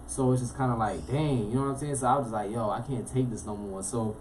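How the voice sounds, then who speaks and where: Fast-talking young man from Florida. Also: medium pitch, a little hiss or hum. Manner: fast, animated, streetwise slang, frequent "you know what I'm saying". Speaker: interview guest. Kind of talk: casual personal storytelling.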